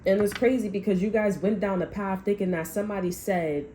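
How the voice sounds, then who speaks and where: A woman's voice: mid-range voice, fairly even intonation, brisk, warm tone, slight background noise, low-quality recording. A woman tarot reader delivering a blunt, heavily profane, heated rant about what spirit is telling her. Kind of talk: channeled reading rant.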